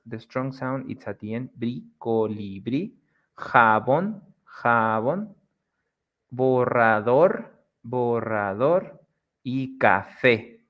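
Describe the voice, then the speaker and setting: A man teaching a casual video lesson, explaining patiently with frequent restarts and filler sounds, and repeating example words slowly and drawn out. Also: medium pitch, lo-fi sound. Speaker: language teacher.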